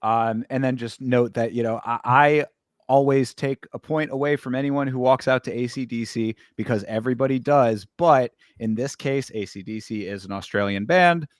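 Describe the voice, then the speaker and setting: A man's voice: mid-range voice, no echo, clean studio sound. A man hosting a casual sports talk show, easygoing and hedging as he weighs in and hands off to his co-host. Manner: easygoing, hedging, quick asides. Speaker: podcast host.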